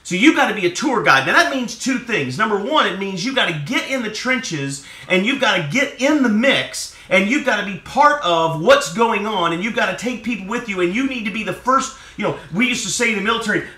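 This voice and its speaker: A man's voice: sits high, animated, a little fast, hardly any pauses, sharp tone. A man giving a conversational motivational talk on leadership, often checking in with "right?", in an echoey room. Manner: conversational, peppers lines with "right?". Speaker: motivational speaker.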